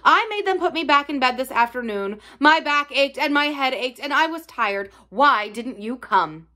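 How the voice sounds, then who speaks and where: A spoiled, sickly boy in a storybook reading, petulant and whining, as a woman reader puts him on. His voice swings lively up and down. He sounds proud and sorry for himself. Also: high-pitched, normal speed, voice pushed up. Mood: sulky. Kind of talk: storybook read-aloud.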